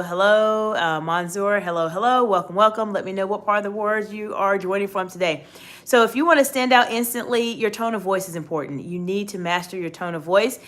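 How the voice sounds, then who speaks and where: A woman's voice: medium pitch, a bit bright. Emphatic middle-aged woman coach. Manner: emphatic, addresses viewers directly with questions. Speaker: executive communication coach. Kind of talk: livestream coaching talk.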